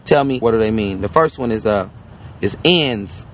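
A man interviewing on the street, asking slow, deliberate questions. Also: lowish voice, expressive, a little hiss or hum.

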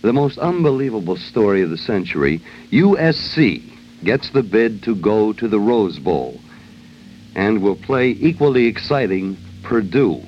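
A male radio host riffs through a joking monologue in a fairly low voice with a lively, wandering melody. His delivery is wry and loose, full of asides. The sound is dull and lo-fi, with a faint hiss behind it. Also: moderate pace, soft background music.

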